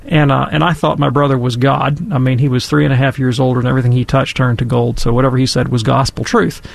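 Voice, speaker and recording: A man telling a story and giving commentary in a casual, animated, emphatic way. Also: medium pitch, fast talker, gravelly, no room sound. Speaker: guest commentator.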